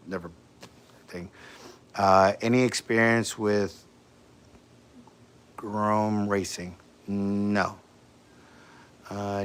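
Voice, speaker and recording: A man's voice: fairly low pitch, sharp tone. A man hosting a casual livestream, rambling through viewer questions with lots of fillers and restarts, speaking. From San Francisco area. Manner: rambling, many fillers and restarts, laid-back. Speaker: livestream host. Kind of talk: casual livestream chat answering comments.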